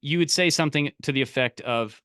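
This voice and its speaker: A man coaching a live online group, energetic and full of restarts and repeated words. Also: fairly high pitch, brisk, clear, resonant tone, no room sound, studio quality. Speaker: business coach.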